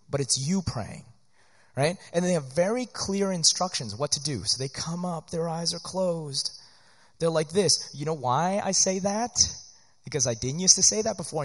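A man preaching in an earnest, animated, conversational way, often checking in with "right?", teaching church workers. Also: fairly high pitch, normal speed. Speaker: pastor. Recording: long hall reverb.

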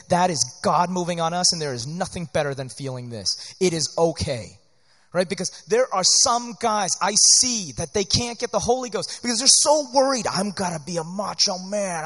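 A man preaching in an earnest, animated, conversational way, often checking in with "right?", teaching church workers. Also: high-pitched. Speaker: pastor. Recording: long hall reverb.

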